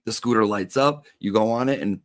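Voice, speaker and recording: Man, low voice, chatty comic teacher persona, gossipy and theatrical, dry close sound. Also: brisk, dry recording. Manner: chatty, gossipy, swears casually. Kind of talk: gossipy livestream monologue.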